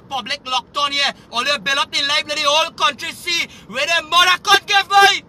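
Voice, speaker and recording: Brief: Trinidadian man, live-stream rant, very high and strained voice, angry and profane, faint background noise. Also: brisk, hardly any pauses. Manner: agitated, profane, repetitive shouting. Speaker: livestreamer.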